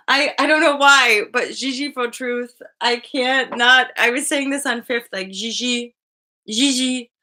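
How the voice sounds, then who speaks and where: A woman in her thirties hosts a relaxed live-stream chat in a highish, expressive voice that's bright and forceful, at a moderate pace. Bubbly and quick to laugh, she swears freely and does voices while telling stories.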